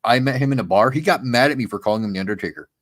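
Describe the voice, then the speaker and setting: Man, stream guest, excitable, storytelling, dry mic, mid pitch. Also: rapid-fire, no room sound. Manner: excitable storyteller, says dude a lot. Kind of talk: casual livestream chat.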